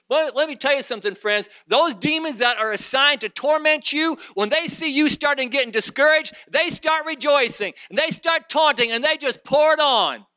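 A man's voice: extremely high pitch, moderate pace, pushed and bright. A man preaching a sermon, reading scripture aloud and driving his points with rising intensity. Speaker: pastor.

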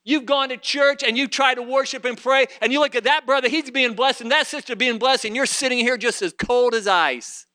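A man's voice: very high voice, brisk, hardly any pauses, sharp tone. A man preaching a sermon, reading scripture aloud and driving his points with rising intensity. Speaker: pastor.

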